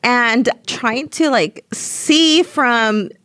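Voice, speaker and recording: A young adult woman who tells her story in an animated, chatty way, laughing often and acting out what people said. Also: on the high side, drawn-out words, clear, resonant tone, dry recording, clean studio sound. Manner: animated, laughs often, acts out quoted lines. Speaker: interview guest. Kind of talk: conversational storytelling.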